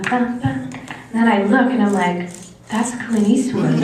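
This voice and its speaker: A woman in her thirties from New Jersey tells students an animated personal story. She acts out quotes, jumping high in pitch. She is recorded from a distance in a big, echoey theater. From New Jersey, USA. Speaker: alumna actress giving a talk. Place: large theater. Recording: very echoey theater, mic from far off.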